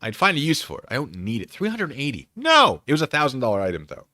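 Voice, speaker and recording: A man's voice: medium pitch, very animated, very fast, a bit bright, no room sound. A man hosting a live stream, chatting in a rambling, self-deprecating way at a desk microphone. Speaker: streamer host. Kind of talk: casual live-stream chat.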